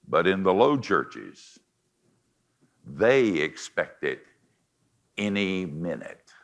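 An older man with a deep voice preaching a confessional sermon, swinging between forceful lines and hushed ones. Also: big pitch swings, extremely slow, vocal fry, pauses often.

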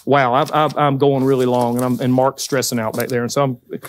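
A man's voice: mid-range voice, level tone, fairly quick. A man with a Southern US accent giving a conversational church talk, folksy and emphatic, with joking asides. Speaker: guest speaker at church. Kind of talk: conversational sermon. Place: church hall.

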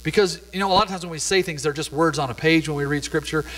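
A man's voice: on the high side, fast talker, fairly bright tone. A middle-aged man, a pastor, preaching a sermon in a laid-back, conversational storytelling way in a church. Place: church sanctuary. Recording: long hall reverb.

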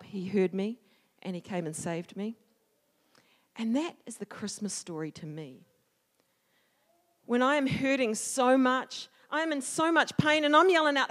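A woman telling a personal story in a sermon, animated, acting out the shouts and quoted words of the people in it. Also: mid-range voice, normal speed. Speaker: church speaker. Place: church sanctuary. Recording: long hall reverb.

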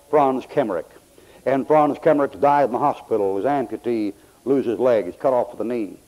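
A man's voice: fairly high pitch, dark tone. An older man preaching a sermon in a folksy, storytelling way. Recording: dull lo-fi old tape.

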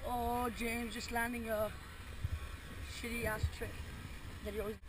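A man mocks his friends with a steady stream of swearing and deadpan insults. He drawls at a slow, unhurried pace. His voice sits in a middling register and comes from some distance off a camera mic, with loud boat engine noise behind it. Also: very high-pitched. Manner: crude, swearing, teasing. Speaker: vlogger filming friends. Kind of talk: casual joking commentary. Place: outdoors by water.

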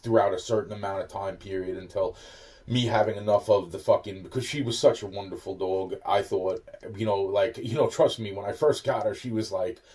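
A man rants about his troubles in a loose, profane, rambling way, full of fillers and restarts. His lowish voice is fairly quick and a little mellow, and he sounds a bit far from the mic.

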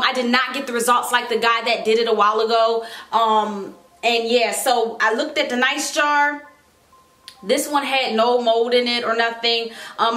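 A woman's voice: a little high, sharp tone. A woman talking casually to camera in a vlog, chatty and dramatic. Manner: chatty and dramatic, squeals and laughs. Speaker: vlogger. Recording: echoey room with background music.

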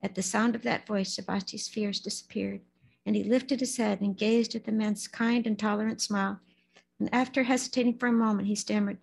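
A woman at a Buddhist service reading a story aloud in a steady, storytelling manner, sometimes stumbling on names. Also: mid-range voice, fairly quick, gravelly, slightly rough, rough recording. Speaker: lay speaker at a Buddhist service.

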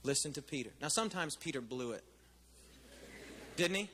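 A man preaches in a high, ringing voice. He talks with his congregation as much as to them and keeps checking that they follow. His sermon echoes around a large hall. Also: lively intonation, moderate pace, pushed and bright, a little hiss or hum. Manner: conversational preaching, asks the crowd questions. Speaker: pastor.

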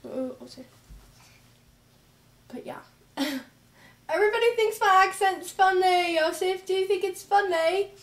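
High-voiced chatty young woman vlogging at home. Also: a little slow, pauses often, fairly bright tone. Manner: chatty and giggly. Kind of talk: casual home vlog chat. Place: home kitchen and living room.

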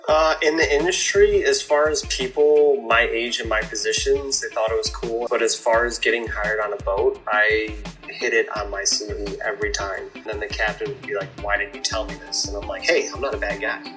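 A man's voice: fairly low pitch, fairly even intonation, fairly quick, few pauses, over music, low-quality recording. A man answering interview questions in a casual, rambling way, laughing between stories. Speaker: reality show guest.

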